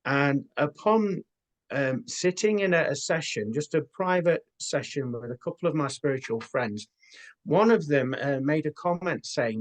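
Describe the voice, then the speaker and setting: A man talking as an interview guest and spiritual medium, telling his experiences in an earnest, unhurried way with many fillers. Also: a little high, expressive. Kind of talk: casual interview talk.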